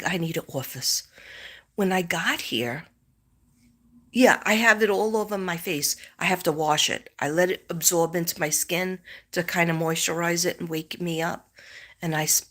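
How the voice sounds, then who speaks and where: A woman's voice: sits low, fairly bright tone. A middle-aged woman chatting casually on a live stream as a psychic host, rambling as she retells a story.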